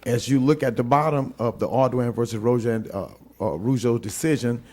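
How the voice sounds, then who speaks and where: A man from Louisiana serving as city attorney, giving a formal legal presentation and reading court opinions aloud in a deliberate way with frequent fillers. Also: mid-range voice, mellow. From St. Landry Parish, Louisiana.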